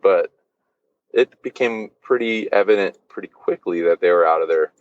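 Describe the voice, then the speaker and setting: A man's voice: sits low, normal speed, no echo, muffled recording. A man guesting on a podcast, telling a personal story casually, with lots of fillers and swearing. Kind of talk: candid storytelling.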